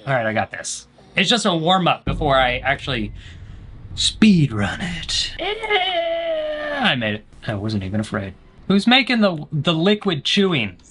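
Animated bright-voiced man gaming. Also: fairly high pitch, a little hiss or hum. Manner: jokey, answers chat, sudden panicked yelps. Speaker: gaming streamer. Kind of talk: let's play commentary.

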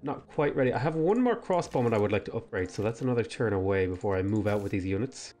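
A man's voice: on the low side, animated, fast talker, mellow, faint music behind. A man hosting a strategy game let's play, thinking aloud in casual commentary and talking back to the game's units.

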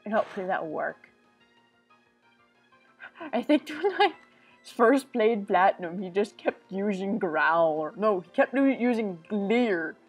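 A woman's voice: mid-range voice, expressive, unhurried, long pauses, husky, soft background music. Rambling woman doing game commentary. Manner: rambling, silly, talks to herself with sudden outbursts. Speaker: let's play host.

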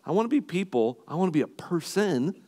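A man's voice: high voice, big pitch swings, brisk, dark tone. A man preaching a sermon as pastor, earnest and emphatic.

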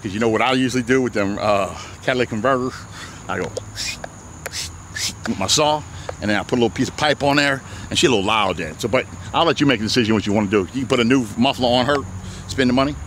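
A man, a used car dealer walking his outdoor lot and giving a playful, slangy sales pitch. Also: pushed and bright, a little hiss or hum. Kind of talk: walk-around sales pitch.

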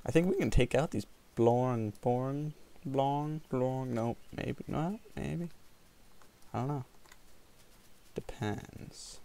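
A man casually commenting while playing a video game, sick with a cold, chatty, often laughing and quickly getting frustrated. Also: mid-range voice, creaky, dark tone, a little hiss or hum. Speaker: gameplay video host. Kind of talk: casual let's play commentary.

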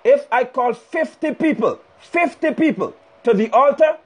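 A man's voice: very high-pitched, lively intonation, unhurried, slightly rough. A male preacher delivering a fiery, scolding sermon live over a phone stream. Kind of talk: sermon on a livestream. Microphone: phone livestream.

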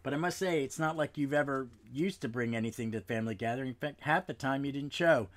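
A man's voice: mid-range voice, fast talker, close to an everyday voice. Man reading as a wry woman heading the family.

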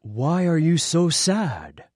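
A worried husband from a storybook, a woman puts him on by pushing her voice down into a husky, darker tone. He pleads slowly and earnestly. The recording is dry and close. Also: low voice, big pitch swings, a little mellow, dry recording, voice pushed down, exaggerated voice. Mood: tender. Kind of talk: storybook reading.

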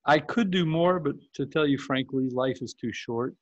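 A man hosts a casual group video call and rambles through his thoughts, often breaking off and restarting mid-sentence. His voice has a middling pitch, and the sound is dry and muffled, with the dull quality of a compressed call. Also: moderate pace, no echo. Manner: rambling, self-interrupting. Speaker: host and journal editor.

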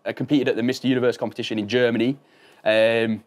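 A man's voice: medium pitch, fast. A northern English man in his twenties, a podcast guest telling stories with lots of laughter and acted-out voices. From northern England. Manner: animated storyteller, laughs often, acts out voices. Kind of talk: casual chat.

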